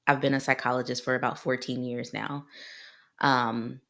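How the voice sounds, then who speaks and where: On her solo podcast, a clinical psychologist from Ohio, a woman in her thirties, speaks with a bass voice. Her delivery is flat and moderately paced with a fairly bright tone, and she sounds sincere and personal, frequently repeating herself.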